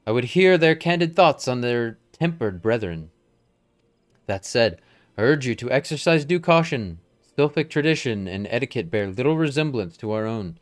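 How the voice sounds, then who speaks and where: A man's voice: mid-range voice, animated, moderate pace, soft background music, natural voice. A man voicing a stern, formal male military commander with a stately, old-fashioned delivery, reading game dialogue aloud.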